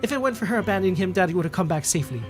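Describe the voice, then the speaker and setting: An angry young girl lashes out in grief in a game story, read aloud by a man. The reading is bitter and accusing. It stays close to his own slightly high voice. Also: animated, rapid-fire, soft background music.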